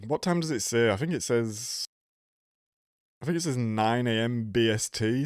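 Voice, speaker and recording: A man's voice: medium pitch, unhurried, no echo, clean studio sound. Congested man chatting on a stream. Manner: chatty, greets viewers by name. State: congested, nasal from a cold. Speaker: live-stream host. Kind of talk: casual live-stream chat.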